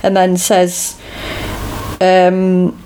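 A woman's voice: fairly low pitch, completely flat delivery, drawn-out words, mellow, slight background noise. A woman in casual podcast chat, recapping a film scene by scene, laughing often and quoting lines in put-on voices. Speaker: podcast co-host.

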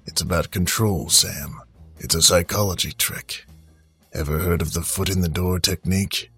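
A man voicing a grumpy, paranoid character who mutters about government control in a low, hushed way. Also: fairly even intonation, normal speed, breathy edge, faint music behind. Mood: conspiratorial.

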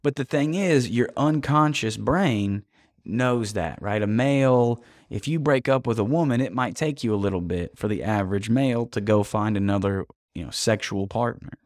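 A man's voice: fairly low pitch, normal speed, darkish tone, dry recording, studio quality. Blunt, profane man giving tough-love talk. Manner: direct, addresses listener as man. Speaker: motivational speaker. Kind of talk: motivational monologue.

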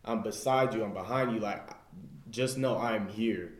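A man's voice: fairly low pitch, moderate pace, echoey room. A young man sharing a personal faith story in a group, earnest and rambling, retelling his own words with "I was just like.". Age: young adult. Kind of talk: casual personal testimony.

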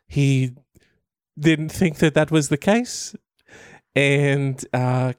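A man voicing a frustrated middle-aged schoolteacher with a put-on New Zealand accent, rambling and halting as he defends himself. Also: mid-range voice, a little mellow, clean tone, dry recording, studio quality, natural voice. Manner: rambling, halting, self-satisfied. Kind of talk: comic impression in a commentary video.

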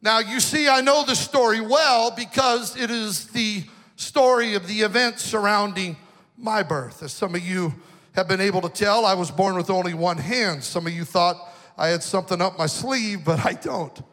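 A man's voice: sits high, normal speed, a bit bright. A man from the western United States, a pastor, preaching a personal, emotional story with sing-song swells in his delivery. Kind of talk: storytelling sermon. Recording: long hall reverb.

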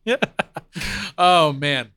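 A man's voice: fairly high pitch, extremely slow. A man co-hosting a podcast in casual chat, laughing often as he tells stories. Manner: laughs often, animated storytelling. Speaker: podcast co-host.

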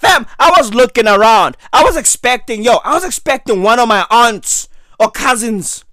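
Hoarse man ranting loudly. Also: very high voice, expressive, moderate pace, dry recording, clean studio sound. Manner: loud, ranting, slangy, often shouting. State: losing his voice, hoarse. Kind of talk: comic rant monologue.

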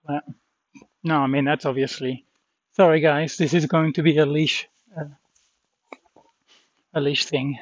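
A man's voice: fairly high pitch, level tone, measured pace, pauses often, lo-fi sound. A shaken man rambling about a dog fight, swearing under his breath and trailing off. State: shaken, adrenaline-pumped. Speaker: vlogger. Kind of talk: shaken personal vlog after a dog fight.

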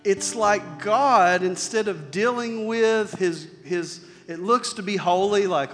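Male pastor, fairly high voice, casual preaching that swells loud then drops soft, church hall reverb with faint music underneath. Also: takes it slowly, hardly any pauses. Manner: conversational preaching, swings between loud emphasis and soft near-whispers. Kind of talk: sermon.

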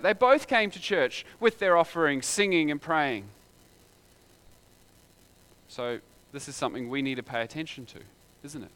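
A man's voice: high voice, a bit bright, clean tone. A man preaching a sermon in a conversational way, full of rhetorical questions.

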